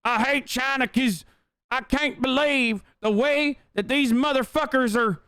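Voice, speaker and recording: A hypocritical bigot, as a man mocks him, squeals in a high, stretched, sneering voice. The tone stays smooth. The sound is dry and close. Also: measured pace, sharp tone, dry recording, full character voice. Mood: mocking. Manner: high-pitched sneering parody. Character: mocking bigot, adult man, hypocritical and aggressive.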